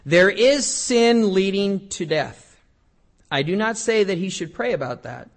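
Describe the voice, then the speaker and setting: Here the middle-aged preacher's voice sits high and sounds expressive, and he talks a little slowly. His sermon is conversational and joking, with scripture read aloud and shifts between loudness and quiet.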